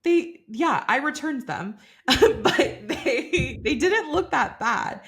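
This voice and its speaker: A woman's voice: high voice, sing-song, slow pace. A young woman co-hosting a podcast, chatting casually and gushing with frequent giggles. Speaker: podcast co-host. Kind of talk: casual chat.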